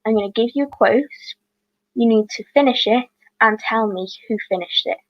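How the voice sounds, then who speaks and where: A woman's voice: fairly high pitch, moderate pace, dry recording, lo-fi sound. Woman hosting a quiz. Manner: chatty, apologetic asides, corrects herself. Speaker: quiz host. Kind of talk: reading out quiz questions on a livestream.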